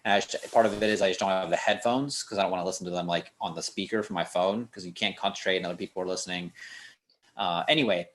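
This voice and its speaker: Brief: young male podcast host, fairly low voice, rambling and chatty, full of "like" fillers. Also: fairly even intonation, fast talker, fairly bright tone, slight background noise. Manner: rambling, lots of "like" fillers and restarts. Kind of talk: casual podcast chat.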